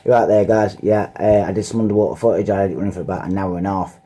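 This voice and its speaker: A man's voice: low voice, fairly even intonation, very fast, dark tone. A man talking casually to camera as a fishing vlogger, rambling with lots of fillers. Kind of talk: casual vlog talk to camera. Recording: car noise in background.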